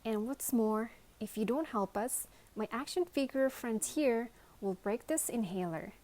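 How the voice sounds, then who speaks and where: A woman voicing a fierce, bossy male toy pig who talks in slow threats. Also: fairly high pitch, lively intonation, a little mellow, pitched above the performer's own voice.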